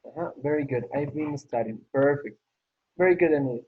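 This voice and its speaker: A man's voice: on the high side, a little fast, breathy edge. A man teaching an English class online, patiently repeating praise as he works through the exercises. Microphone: video call. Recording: tinny phone-like call audio.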